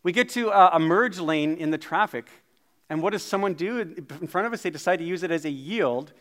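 A man's voice: sits high, lively intonation, a little fast, a bit bright. A middle-aged man preaching a sermon in a chatty, self-deprecating storytelling way. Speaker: pastor.

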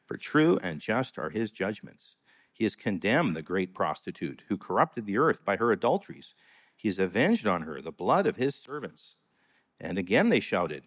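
A man's voice: on the low side, very animated, moderate pace. A man reading a long scripture passage aloud in a church service, solemn and rising to proclamation on the quoted cries. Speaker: scripture reader.

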